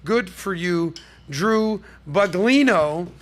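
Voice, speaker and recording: A man hosting a podcast, riffing on the news with animated, jokey asides to his crew. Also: high voice, takes it slowly. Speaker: podcast host. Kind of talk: energetic news commentary.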